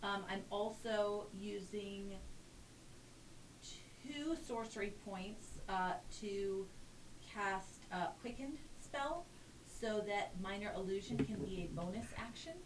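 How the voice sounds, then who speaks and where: A woman's voice: mid-range voice, animated, takes it slowly. Female player, hesitant, distant mic, echoey, noisy. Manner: hesitant, thinking aloud about rules. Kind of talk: tabletop game play.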